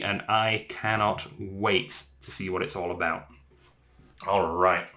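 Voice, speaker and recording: A man with an English accent, hosting a casual whisky tasting vlog in an excitable, enthusiastic way. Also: sits low, takes it slowly. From England. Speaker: whisky reviewer.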